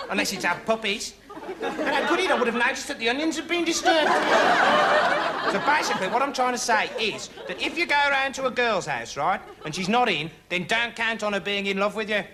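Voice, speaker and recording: A rambling dim young investigator. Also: male voice, very high voice. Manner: meandering, deadpan, full of filler words. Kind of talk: comic monologue to camera. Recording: TV studio audience laughter, noisy.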